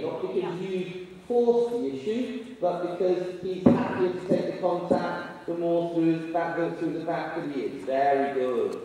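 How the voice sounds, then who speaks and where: A man's voice: high voice, mellow, a little hiss or hum. A man coaching a dressage lesson in an indoor arena, encouraging and teasing the rider with constant praise. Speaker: riding instructor. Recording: echoey arena, voice from far off.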